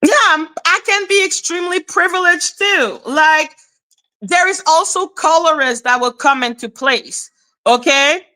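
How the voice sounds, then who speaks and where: High, bright-voiced woman chatting slowly. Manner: animated, talks to viewers with frequent "okay?" and laughter; swears casually. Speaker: livestream host. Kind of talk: casual livestream chat.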